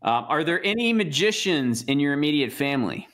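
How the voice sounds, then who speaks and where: Man, podcast co-host, bright forceful voice, dry, deadpan, opinionated. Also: fairly high pitch, normal speed. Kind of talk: casual podcast banter.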